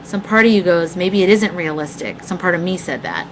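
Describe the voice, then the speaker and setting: A woman's voice: on the low side, lively intonation, a little fast, a little hiss or hum, low-quality recording. A young woman telling a long story on her live stream, rambling and profane as she chats with her viewers. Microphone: webcam mic.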